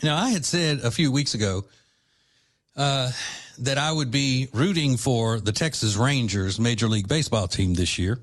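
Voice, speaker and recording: A man's voice: mid-range voice, moderate pace. A man hosting a talk radio show from a studio, teasing and chuckling in a casual way.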